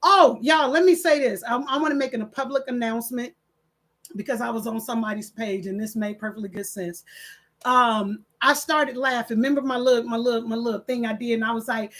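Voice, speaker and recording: An older woman, hosting her channel in casual chat, reading comments and telling animated stories with quoted voices. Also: on the high side, brisk. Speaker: channel host.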